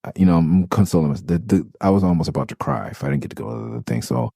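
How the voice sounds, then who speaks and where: A man's voice: deep voice, big pitch swings, rapid-fire, creaky, dark tone, husky, no room sound. A middle-aged man from Los Angeles hosting a podcast, telling a loose, profane, rambling story with many restarts. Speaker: podcast host. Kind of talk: casual storytelling monologue.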